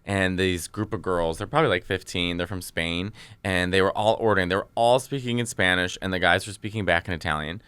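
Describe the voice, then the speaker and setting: A man, a stand-up comedian, telling stories in an animated, casual podcast chat. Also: sits low, smooth, dry recording. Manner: animated, fast storytelling with many fillers.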